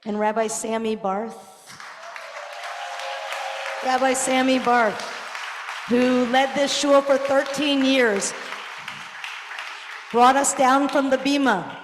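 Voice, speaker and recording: A middle-aged woman rabbi giving a gala tribute speech, earnest with touches of self-deprecating humor. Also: a little high. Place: large banquet hall. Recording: echoey hall with crowd murmur. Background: faint crowd noise.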